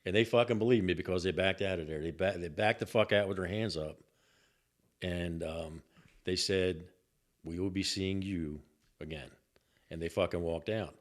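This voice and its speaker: An older man telling a story on a podcast in an animated, profane way and repeating himself as he goes. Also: sits low, moderate pace. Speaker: guest, host's father.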